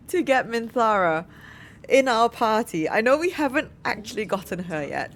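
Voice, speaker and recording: A woman casually commentating a video game, chatty, excitable and often apologetic. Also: on the high side, normal speed, a little hiss or hum. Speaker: let's play streamer.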